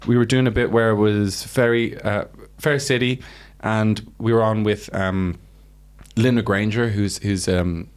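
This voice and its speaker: A man's voice: lowish voice, unhurried, clean tone. A man with an Irish accent, a guest comedian telling stories in casual podcast chat, acting out the people he quotes. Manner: animated storytelling, acts out quotes.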